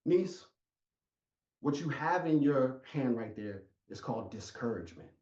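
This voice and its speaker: A man voicing a stern, secretive old retired witch in a low, hushed, commanding voice, in an echoey, muffled recording. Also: animated, measured pace, recorded from a distance, lightly acted.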